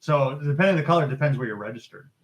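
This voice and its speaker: Brisk, fast-talking man explaining. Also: medium pitch, lively intonation, low-quality recording. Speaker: scout leader guest. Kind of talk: casual chat.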